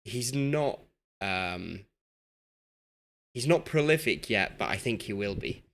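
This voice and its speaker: He takes it slowly, his low-side voice expressive and fairly bright, with a Yorkshire accent. A young streamer, he chats casually with his live audience over a football management game, talkative and self-deprecating throughout.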